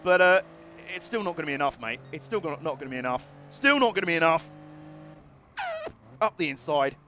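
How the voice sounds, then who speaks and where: A man giving live racing gameplay commentary, excitable and jokey, laughing often and swearing now and then. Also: fairly high pitch, brisk, soft background music. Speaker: game streamer.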